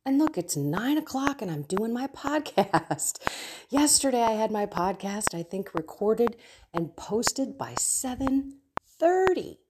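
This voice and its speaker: A middle-aged woman hosting a faith podcast, talking earnestly about her prayer life with personal stories and soft asides. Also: fairly high pitch, animated, measured pace, noisy background. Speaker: Catholic podcast host. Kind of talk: reflective faith talk.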